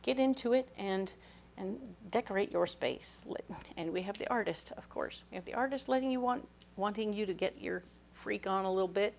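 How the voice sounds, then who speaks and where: A woman's voice: mid-range voice, normal speed, creaky. Chatty, playful woman tarot reader, light noise under the voice. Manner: chatty, playful, animated asides. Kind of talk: casual tarot reading.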